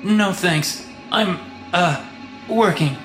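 A man voicing an eager, starstruck young male stagehand who talks in a hushed, excited way. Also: sits high, slow, echoey room, pitched above the performer's own voice. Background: music.

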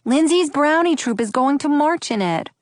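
An anxious eight-year-old boy with a small, quivering voice , put on by a woman reading a storybook. The pitch leaps up and down a lot as he frets, and the sound is dry and close. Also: expressive, moderate pace, no room sound.

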